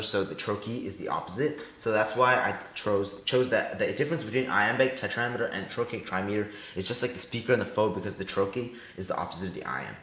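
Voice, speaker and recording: A teenage boy gives a class presentation in a fairly low, slightly bright voice, explaining step by step and sounding out stressed and unstressed syllables one by one. The room is echoey, with faint music playing.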